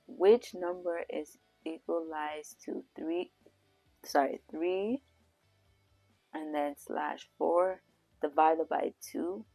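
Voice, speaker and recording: A woman's voice: sits low, gravelly, mellow, no echo, rough recording. A woman vlogger casually reading out fun math puzzles while she has the hiccups, often stopping to correct herself. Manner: frequent self-corrections with "sorry". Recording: faint music in background.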